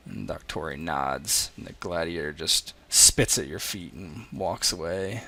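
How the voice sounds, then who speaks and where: A man running a tabletop game, his bright, gravelly voice relaxed and chatty. He narrates combat casually, with a few hesitations while he sorts out the rules. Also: deep voice, unhurried, hardly any pauses. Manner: casual, voices characters with sudden loud shifts. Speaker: game master.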